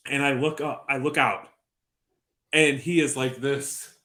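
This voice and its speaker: A man's voice: mid-range voice, fairly even intonation, unhurried, pushed and bright. A man in his thirties co-hosting a podcast, chatting casually and telling long, rambling stories with dry jokes and plenty of swearing. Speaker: podcast co-host. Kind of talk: casual chat.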